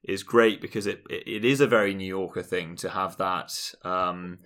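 A man's voice: low voice, steady tone, moderate pace, a bit bright. A man co-hosting a podcast in casual chat, rambling through his points with restarts and wry asides. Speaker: podcast co-host.

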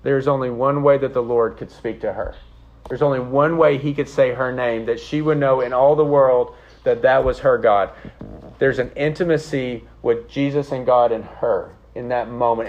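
A man's voice: mid-range voice, a little mellow, highs cut off. A man preaching an earnest, conversational sermon, often checking in with the congregation. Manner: earnest, conversational preaching with frequent "okay?" and "right?". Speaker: pastor.

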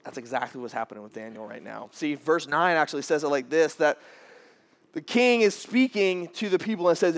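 Man, 30s, pastor, animated sermon, casual restarts, loud high bursts, slightly high. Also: brisk. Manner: casual, repeats words as he restarts.

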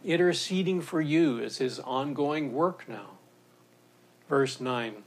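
Brief: pastor, earnest and measured, slightly higher-pitched male voice. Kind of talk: sermon.

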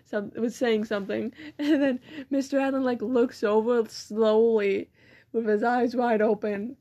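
A high-voiced teenage girl recounts classroom stories in loose, casual chat. She giggles through her sentences, swears casually and slips into animated voices when she quotes classmates and teachers. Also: a little slow, highs cut off. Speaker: student. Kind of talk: casual storytelling.

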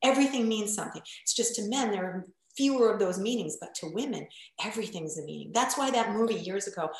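A woman's voice: mid-range voice, lively intonation, quick pace. Blunt chatty woman coach on a podcast, acts out quotes, swears a bit, big echoey room. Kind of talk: casual podcast chat.

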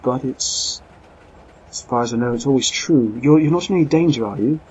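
A man's voice: medium pitch, fairly even intonation, a little slow, breathy edge. A man voicing a fretful, fashionable middle-aged woman with premonitions, who stammers and keeps apologising. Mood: urgent. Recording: dull lo-fi sound, faint noise.

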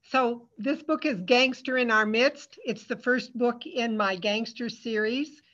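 Bright-voiced woman author from Iowa on a lo-fi call. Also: fairly high pitch, measured pace, a little hiss or hum. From Iowa, United States. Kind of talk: introducing and reading her book. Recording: dull lo-fi video call audio.

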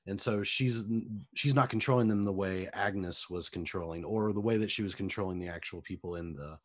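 A man co-hosting a podcast, speaking in a thoughtful, measured way in casual chat. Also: low voice, no room sound, studio quality. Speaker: podcast co-host.

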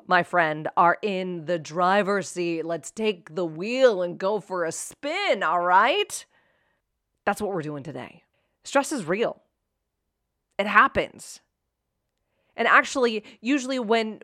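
A woman's voice: medium pitch, big pitch swings, unhurried, a bit bright, dry recording, clean studio sound. A woman hosting a motivational self-help talk, speaking straight to the listener with upbeat rhetorical questions.

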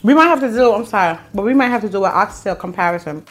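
A woman's voice: mid-range voice, lively intonation, quick pace. A young woman co-hosting a casual chat on camera, telling stories bluntly and with animation. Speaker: podcast co-host. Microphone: on camera, eating while talking.

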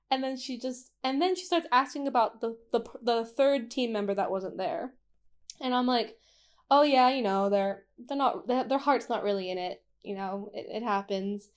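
A chatty woman in a casual podcast, telling a story with lots of laughter. Her voice sits a little high, and she acts out what other people said in quick, animated bursts. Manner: animated, laughing often, acting out quoted voices. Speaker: podcast co-host.

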